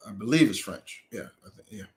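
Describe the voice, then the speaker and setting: A man's voice: lowish voice, lively intonation, fairly quick. A man hosting a casual live Q&A, rambling through viewer questions and correcting himself mid-sentence. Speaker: host answering viewer questions.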